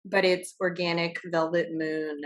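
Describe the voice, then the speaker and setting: A young woman talks casually as a podcast co-host, chatty and loose, with lots of fillers and easy laughter. Her voice sits a little low for a woman. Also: level tone, a little slow. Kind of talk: casual chat.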